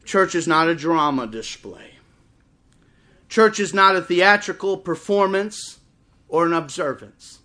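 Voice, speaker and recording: A middle-aged man preaching a sermon in church, impassioned and swelling toward shouts. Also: fairly high pitch, expressive, measured pace. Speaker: pastor. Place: church service before a congregation.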